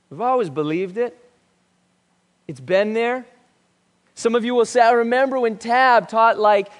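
A male pastor preaching a sermon, swinging between loud emphatic declarations and hushed, quiet lines. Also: sits high. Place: church sanctuary. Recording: long reverb of a church hall.

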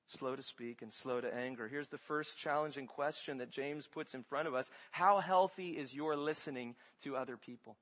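A man's voice: fairly high pitch, sharp tone, long reverb tail, dull audio. A man pastor preaching a sermon, teaching his congregation with rhetorical questions.

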